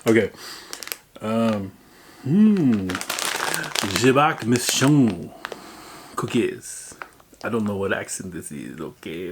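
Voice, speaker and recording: A man's voice: lowish voice, very animated, slow pace, long pauses, background noise. A man casually chatting through a snack taste-test vlog, playful and muttering while he chews. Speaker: vlogger. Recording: crinkling snack bags close by.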